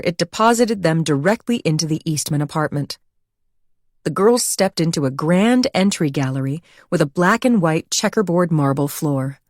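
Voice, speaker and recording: A woman narrating an audiobook in a steady, measured reading style. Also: fairly low pitch, no room sound, clean studio sound. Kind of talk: scripted narration.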